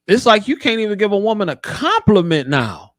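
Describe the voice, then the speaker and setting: Man, podcast host, high voice, very lively pitch, acts out quotes. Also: a little fast, no echo, clean studio sound. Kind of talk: casual podcast chat.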